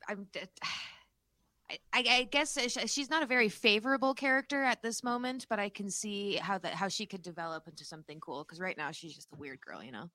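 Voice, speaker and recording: A woman's voice: mid-range voice, brisk, sharp tone, no room sound. Hesitant woman in casual chat.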